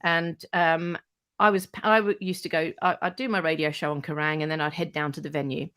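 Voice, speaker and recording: Animated woman telling stories. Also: deep voice, a little fast, clean tone. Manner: animated, acts out quoted voices, swears freely. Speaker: radio presenter, podcast guest. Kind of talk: casual anecdote telling.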